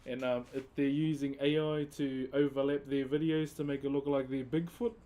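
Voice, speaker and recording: Man, New Zealand accent, relaxed slangy stream chat, warm mellow tone. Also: medium pitch, normal speed. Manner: laid-back, slangy, calls viewers bro. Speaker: live streamer carving wood. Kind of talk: casual live-stream chat.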